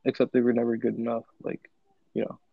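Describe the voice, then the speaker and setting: A man speaks in a flat, gravelly voice with little movement in pitch. His words come through a tinny, phone-like call line. The sound is dry and close. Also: fast. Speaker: friend in group call. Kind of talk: casual chat.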